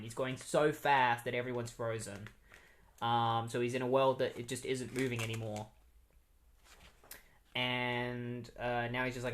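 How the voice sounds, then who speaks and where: Guy rambling through a comic recap, lots of ums and restarts, mid pitch. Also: a bit bright. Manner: rambling, with many fillers and restarts. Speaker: comic book reviewer.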